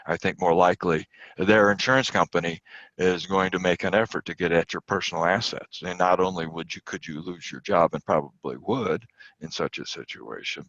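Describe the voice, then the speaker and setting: A man with a very low voice delivers an online lecture, pushing his voice up to stress key points between frequent fillers. The sound is dry and slightly muffled, like a computer mic on a video call. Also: fairly bright tone, no room sound. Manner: emphatic, rising on key points, many fillers.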